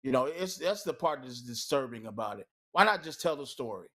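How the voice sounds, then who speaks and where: A man's voice: medium pitch, lively intonation, fairly quick, sharp tone. An angry man holds forth on a talk panel, his voice sitting in an ordinary middle register. He talks with heated emphasis and keeps filling gaps with "you know.". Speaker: co-host.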